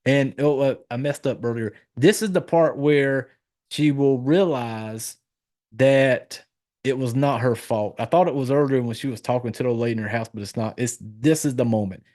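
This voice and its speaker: Casual, profane podcast host recapping a film. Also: male voice, medium pitch, normal speed, darkish tone. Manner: loose, profane, rambling with fillers and self-corrections.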